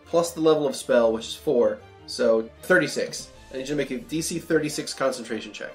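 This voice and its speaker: Brisk game master calling out rolls. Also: medium pitch, faint music behind. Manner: brisk, matter-of-fact rules calls. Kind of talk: running a tabletop game.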